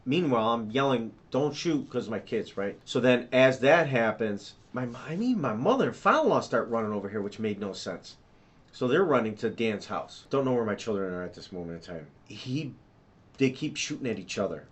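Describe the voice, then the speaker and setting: A man giving a rambling, fast account to police as a witness, restarting sentences and sketching a map while he talks. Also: medium pitch, expressive. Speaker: witness being interviewed by police. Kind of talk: police interview statement.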